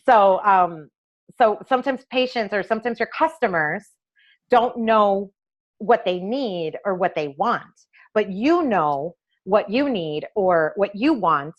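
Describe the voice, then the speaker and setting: A woman in conversation, an eye doctor recounting her path into designing frames. She speaks at a mid pitch, brings quoted exchanges to life as she tells them, and the recording sounds a little dull and lo-fi. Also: unhurried. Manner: animated storyteller acting out quoted dialogue. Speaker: optometrist and eyewear maker, interview guest. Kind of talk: conversational interview storytelling.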